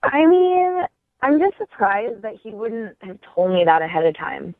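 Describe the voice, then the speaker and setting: A woman's voice: medium pitch, very animated, unhurried, no room sound. Woman in her twenties, phone caller, tinny line, dry sound, direct and firm. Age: 20s. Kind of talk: phone call on radio.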